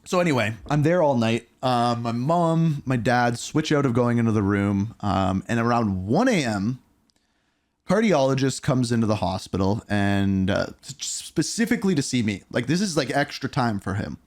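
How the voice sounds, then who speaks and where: This is a man in his thirties telling a personal storytime vlog straight to the camera. His delivery is candid and blunt, with casual swearing. His pitch swings widely as he goes, and it sits at a middle height for a man. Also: normal speed. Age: 30s. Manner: candid, animated storytelling with profanity. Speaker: YouTuber.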